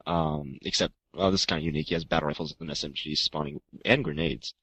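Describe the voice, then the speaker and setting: A man's voice: extremely low pitch, fairly even intonation, fast talker, a bit bright, breathy edge, no room sound, poor audio. A man co-hosting a gaming podcast, chatting casually and laughing. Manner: reads listener mail, jokes around. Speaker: podcast co-host. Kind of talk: casual chat.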